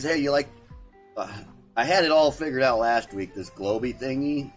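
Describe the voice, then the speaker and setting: A man's voice: medium pitch, expressive, normal speed. A man hosts a loose livestream at a computer mic. He rambles, repeats words and trails off mid-thought. Faint music plays in the background. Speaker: livestream host. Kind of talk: casual livestream chat.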